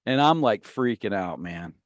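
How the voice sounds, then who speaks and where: A man, co-hosting a radio show, tells a rambling, profane story and acts out his yelling relatives. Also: fairly low pitch, expressive, moderate pace, dry recording, clean studio sound. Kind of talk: casual storytelling banter. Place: radio studio.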